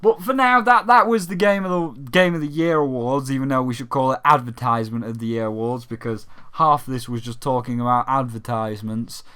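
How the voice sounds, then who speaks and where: A man's voice: medium pitch, a little fast, few pauses, clear, resonant tone. A young British man hosting a gaming channel, ranting casually with lots of swearing and mocking imitations. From Britain. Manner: sweary, animated, mocking voices.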